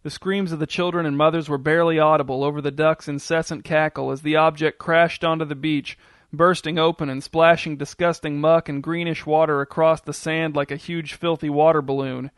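A man reading a story aloud as narrator, in a steady, descriptive storytelling manner. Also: a little high, fairly quick, clean tone, dry recording, clean studio sound.

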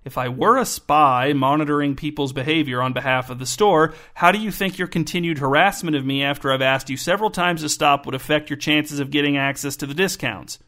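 A man's voice: on the high side, brisk, hardly any pauses, bright, forceful tone. A man reading the part of a defensive woman in a store queue, hesitant at first and then cutting. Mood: sharp.

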